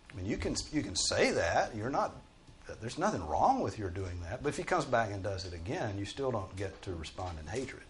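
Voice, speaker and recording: A man's voice: fairly low pitch, very animated, brisk, slight background noise. A man teaching a Bible study group in a conversational, emphatic way, often restarting his sentences.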